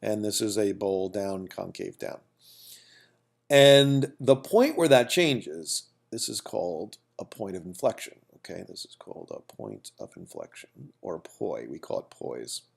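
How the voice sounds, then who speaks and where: A man's voice: deep voice, very animated, measured pace, vocal fry. A man teaching a calculus lesson at a whiteboard in a casual way, repeating phrases and checking in with "okay?" and "right?". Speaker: math teacher.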